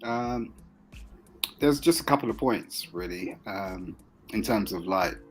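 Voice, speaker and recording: Laughing man, low voice. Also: takes it slowly, slightly rough, faint music behind, poor audio. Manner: laughs often, loose and animated. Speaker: guest caller. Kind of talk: casual chat.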